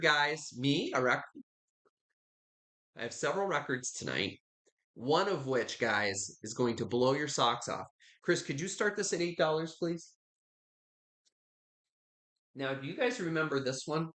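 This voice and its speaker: A man runs a live online sale, chatting to viewers and greeting them by name. He gushes over each piece he holds up, in an easy middle-pitched voice. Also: expressive, moderate pace, sharp tone. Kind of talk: live online auction selling.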